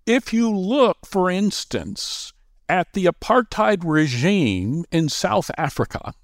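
A man who is a guest author, explaining his views in a measured, lecturing way. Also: high voice, big pitch swings, no room sound, studio quality. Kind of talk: interview conversation.

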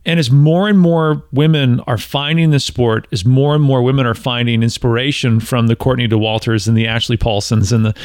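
A man's voice: medium pitch, steady tone, a little fast, hardly any pauses, a little mellow, no echo, clean studio sound. A man hosting a conversational interview, asking long, emphatic questions. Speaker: podcast host.

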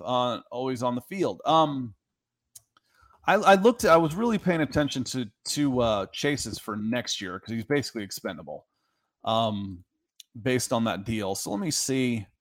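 A man's voice: mid-range voice, a bit bright. Chatty man hosting a sports podcast. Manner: chatty, reads viewer comments aloud. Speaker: podcast host. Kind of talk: casual sports talk.

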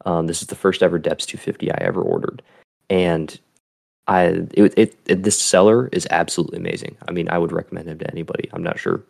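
A man's voice: low-pitched, fairly even intonation, fast talker, vocal fry, a little mellow. A young man talking as a podcast guest, earnest and easygoing, rambling a little. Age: young adult. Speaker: guest, bait builder. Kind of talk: casual chat.

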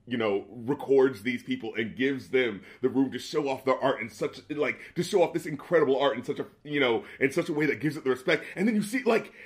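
A man co-hosting a casual podcast, chatting about a documentary, rambling with many fillers, restarts and casual swearing. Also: mid-range voice. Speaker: podcast co-host. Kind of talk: casual chat reviewing a documentary.

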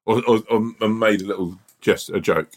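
A man co-hosting a casual chat, telling rambling, animated stories full of restarts. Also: fairly low pitch, moderate pace. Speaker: podcast co-host.

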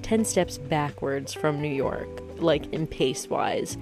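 A woman's voice: low-pitched, music in the background. A young woman from the US East Coast talking casually to camera, rambling, interrupting herself and laughing at her own jokes. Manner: rambling, self-interrupting, jokey, quick laughs. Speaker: vlogger. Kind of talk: casual chatty vlog.

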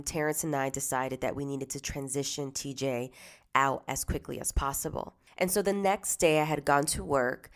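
A woman telling a personal story about her son, in a conversational way that often drops to a hushed tone and turns animated when she is indignant. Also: low voice.

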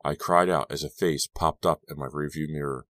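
A man with an extremely deep, low voice narrates a teen thriller audiobook in a steady, dramatic way. The recording is dry and close, with no room sound. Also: normal speed, dry recording. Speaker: audiobook reader. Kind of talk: first-person audiobook narration.

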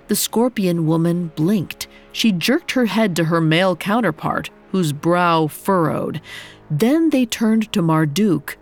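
A woman reads a myth aloud in calm, measured narration. She speaks slowly in a slightly low voice, with soft music underneath. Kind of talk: scripted narration.

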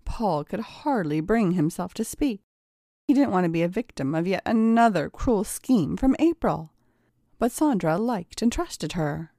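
A woman reading a scripted story narration in a measured storytelling manner. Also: mid-range voice, dark tone, dry recording, studio quality.

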